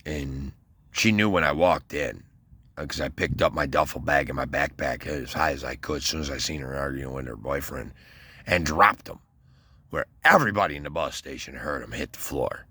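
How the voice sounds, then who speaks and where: In a bass voice that is bright and forceful with a breathy edge, a Westland, Michigan man tells a rambling, profane tale of his time in the military at a moderate pace. The casual monologue is packed with fillers and false starts.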